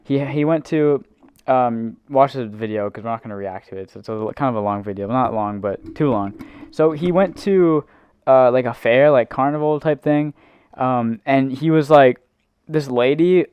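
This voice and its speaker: A man's voice: mid-range voice, normal speed, darkish tone, smooth, dry recording. A young man co-hosting a casual podcast, rambling through a story with lots of fillers. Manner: rambling storytelling, heavy use of like and um. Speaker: podcast co-host. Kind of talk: casual chat.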